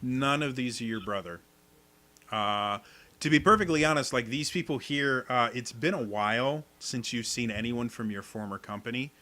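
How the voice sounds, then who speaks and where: Bright-voiced male game master. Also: medium pitch, moderate pace. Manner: descriptive, many fillers. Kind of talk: narrating a tabletop game.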